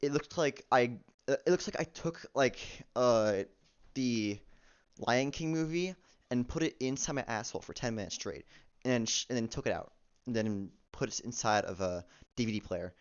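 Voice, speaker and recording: A man rambles through a casual, profane amateur movie review, halting often and restarting his sentences. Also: medium pitch, expressive, clean tone. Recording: dull lo-fi recording.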